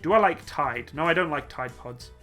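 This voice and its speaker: A man's voice: a little high, animated, moderate pace, sharp tone. A man hosting a casual live Q&A stream, reading chat questions aloud in a jokey, laid-back way and laughing easily. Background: faint upbeat music.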